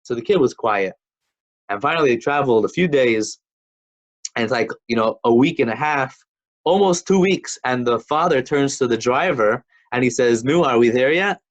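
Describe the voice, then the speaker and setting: In a lo-fi recording, a man with a medium-pitched, expressive voice gives a relaxed Torah lesson at a moderate pace. He tells stories, fills his speech with fillers, and keeps starting his sentences over.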